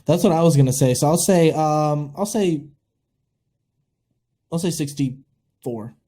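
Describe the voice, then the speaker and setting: Male podcast co-host, warm dark tone, rambling casual delivery. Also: on the high side, a little slow. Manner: rambling, repeats himself.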